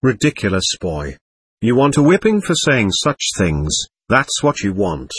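A man's voice: fairly low pitch, very animated, unhurried, breathy edge, no echo, heavily acted. A man voicing a blunt, scolding servant woman of forty with a brusque manner.

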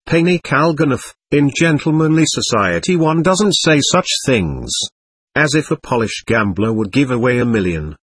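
A man's voice: medium pitch, lively intonation, normal speed, fairly bright tone, husky, no room sound. A man reading a rash, impulsive young gambler. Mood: effusive. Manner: impulsive, exclamatory. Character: hot-headed young Russian gambler, male.

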